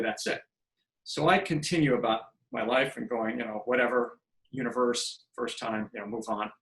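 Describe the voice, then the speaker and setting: Poor, reverberant audio carries a mid-range male voice. The speaker, in his fifties, is a podcast guest telling stories casually in an interview and acting out quoted dialogue with animation.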